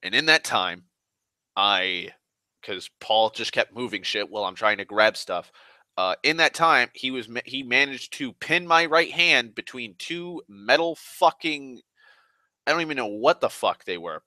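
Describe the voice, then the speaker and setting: A man's voice: medium pitch, lively intonation, unhurried, pushed and bright, no room sound. A young man telling a long profane story in an exasperated rant, often slipping into other people's voices.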